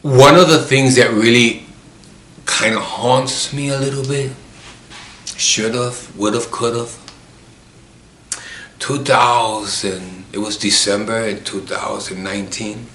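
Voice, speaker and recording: A man's voice: mid-range voice, steady tone, takes it slowly, pauses often, a bit bright. A man telling a personal story in an emotional, reflective way. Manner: emotional, reflective, acts out remembered dialogue. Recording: roomy with faint background noise.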